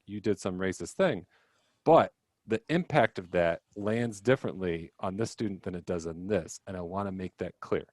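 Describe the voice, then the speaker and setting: A man's voice: on the low side, no echo. Chatty young man leading a teacher workshop. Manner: chatty, self-deprecating, many fillers and quoted dialogue. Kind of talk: casual talk on a video call. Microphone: video call.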